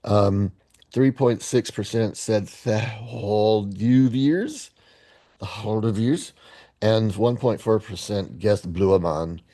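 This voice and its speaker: A man's voice: lowish voice, unhurried, warm tone. A man hosting his daily movie guessing game video, talking casually with rambling, profane sarcasm and stammered restarts. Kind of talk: casual solo commentary.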